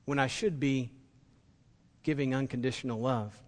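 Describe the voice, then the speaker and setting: A man's voice: mid-range voice, fairly even intonation, moderate pace, a little mellow, long reverb tail. A man preaching a sermon as pastor, impassioned and building to emphatic peaks.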